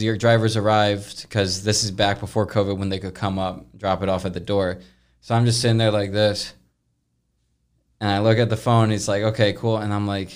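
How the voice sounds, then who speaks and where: A young man hosting a podcast, casually telling a long story, rambling and animated, with frequent swearing. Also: fairly low pitch. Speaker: podcast host.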